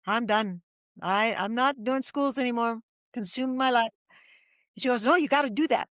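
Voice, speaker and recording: A woman's voice: a little high, normal speed, no room sound, studio quality. A middle-aged woman telling her story as a podcast guest, acting out the voices of people she quotes. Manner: lively storyteller who acts out quoted voices.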